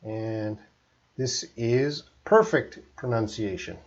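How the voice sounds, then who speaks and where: A man from Canada teaching English on a live stream, speaking slowly and deliberately and often checking that listeners follow. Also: medium pitch, lo-fi sound. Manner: slow, deliberate teacher talk with frequent check-ins.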